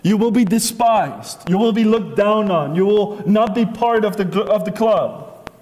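A man preaching with a high, bright-pitched voice, hammering his points through repetition. His words ring out with a long reverb in a big church hall. The delivery is a full sermon, insistent and earnest. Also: unhurried. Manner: emphatic, repetitive, acts out voices in asides.

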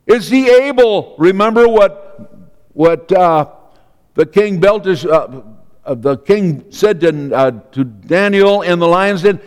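A man preaching a sermon, slow and emphatic, with dramatic pauses and repeated phrases. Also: high voice, lively intonation, darkish tone, long reverb tail.

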